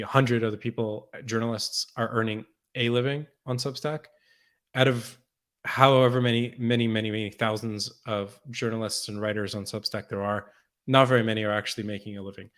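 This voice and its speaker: A man's voice: fairly low pitch, steady tone, brisk, fairly bright tone. Man talking with frequent restarts. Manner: thoughtful, many restarts and repeated words. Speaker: podcast guest. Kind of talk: conversational interview.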